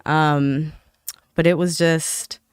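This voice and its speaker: A woman, a podcast guest, telling her personal story in a casual interview, soft-spoken and hesitant, quick to laugh. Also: low-pitched, steady tone, clear, resonant tone, dry recording, clean studio sound.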